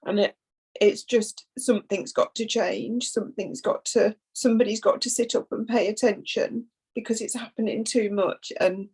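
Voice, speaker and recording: A woman with a husky, breathy voice talks in an emotional conversation, close to tears. Her speech halts and doubles back on itself as she pushes through grief, steady in pitch. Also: low-quality recording. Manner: halting, repeats words, fights back tears. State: tearful. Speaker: foundation founder, bereaved mother.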